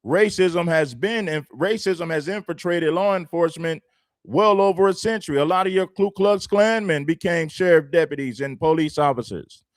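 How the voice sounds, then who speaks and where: A man's voice: high-pitched, no echo, clean studio sound. A man hosting a livestream, talking emphatically and repeating his points like a preacher. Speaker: livestream host. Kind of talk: commentary livestream.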